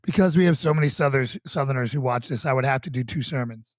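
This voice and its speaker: A man's voice: medium pitch, quick pace, no echo, clean studio sound. A man from the Boston area, a pastor co-hosting a casual chat, joking and laughing often. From Boston area, USA. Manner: jokey, animated, laughs often. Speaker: pastor and show host.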